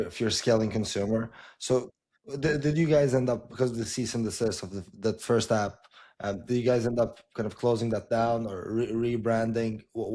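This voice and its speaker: Chill guy host asking stuff, kinda halting, restarts a lot. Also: lowish voice, darkish tone. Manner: halting, restarts, laid-back. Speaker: podcast host. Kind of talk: casual interview chat.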